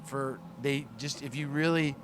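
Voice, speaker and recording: A man's voice: mid-range voice, fairly even intonation, measured pace, noisy background. A man in his late forties from California, a label founder talking in a casual interview, earnest, rambling and self-mocking. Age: 40s.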